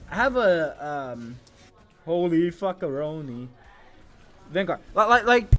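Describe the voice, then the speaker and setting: A man with a high-pitched voice calls a mobile game match on his livestream. He swings from low mutters to hyped shouting and fills it with crude jokes and exclamations. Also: big pitch swings, slow pace, pauses often.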